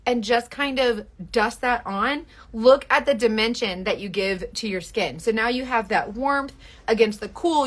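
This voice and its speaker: A young woman, chatting casually through a live-stream makeup tutorial, gushing over products and quickly apologizing for her own bluntness. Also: fairly high pitch, fairly bright tone. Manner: chatty, gushing, quick self-deprecating asides.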